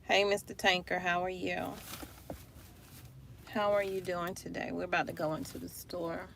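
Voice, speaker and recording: A tired, frustrated woman vlogger chats loosely with viewers on a casual live stream, first from her car and then inside a store, holding her phone up. Her lowish voice has a level tone at normal speed and sounds a bit bright, in a phone recording with clear background noise.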